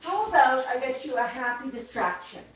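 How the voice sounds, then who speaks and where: High, lively woman coaxing her parrots. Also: moderate pace. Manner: soothing baby-talk to her parrots. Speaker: parrot keeper and livestream host. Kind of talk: casual livestream chat. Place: indoor room with parrots. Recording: echoey room, heard from a distance. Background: faint noise and birds.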